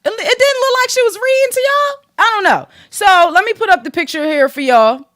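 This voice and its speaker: Sassy high-voiced woman podcast host. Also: brisk, no room sound, studio quality. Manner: sassy, profane, animated gossip. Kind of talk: casual commentary podcast.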